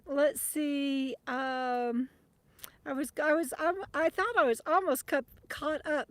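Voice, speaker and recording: Lady chatting on her phone livestream outside, lots of ums, high voice. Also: fairly bright tone, no echo. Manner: chatty, greets viewers by name, trails off with ums. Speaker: livestream host. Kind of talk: casual livestream chat. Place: outdoors at a campsite. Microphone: phone camera at arm's length.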